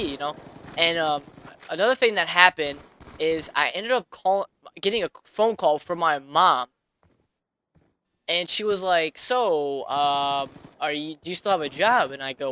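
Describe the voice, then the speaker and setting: A man's voice: fairly high pitch, moderate pace, pushed and bright. A man in his twenties telling a personal story in a casual vlog, rambling with many fillers and restarts. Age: 20s. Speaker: vlogger.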